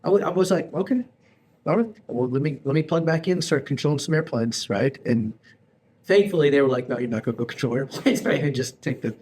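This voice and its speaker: A man in his forties hosting a casual podcast chat, telling stories in an animated, slangy way and calling people bro and dude. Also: a little high, fairly quick, husky. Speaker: podcast host.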